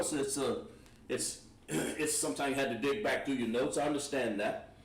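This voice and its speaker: A man teaching a Hebrew class at a board, patient and encouraging, repeating words slowly. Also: fairly high pitch. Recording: echoey room, voice from far off.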